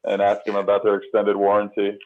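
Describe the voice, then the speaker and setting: Joking comedian on a tinny phone line. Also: male voice, lowish voice, quick pace. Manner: joking, deadpan absurd bits. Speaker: comedian guest. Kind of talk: casual comedic banter. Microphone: phone on a video call.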